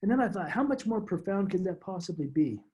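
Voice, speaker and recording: Middle-aged male guest speaker, mellow and slightly high-pitched, emotional halting storyteller. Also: animated. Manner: halting, repeats words, emotional, soft laughs. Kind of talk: personal storytelling talk.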